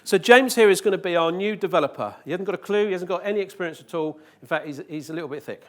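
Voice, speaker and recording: Speaking fast in a high, fairly bright voice, a conference speaker gives an expressive live presentation in a conference hall. He trades jokes with the crowd and throws out rhetorical questions.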